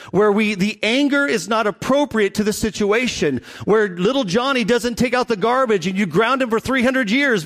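A middle-aged man, a pastor, preaching a conversational sermon and slowing down on key points. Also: high-pitched, a bit bright. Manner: conversational preaching, slows for emphasis.

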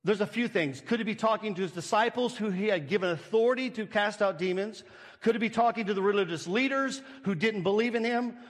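A man with a high, light voice preaches to his congregation, explaining a scripture passage. He leans on rhetorical questions and acts out little scenes. His words ring out with a long reverb, as in a large hall. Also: fairly quick. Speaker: pastor. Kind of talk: sermon.

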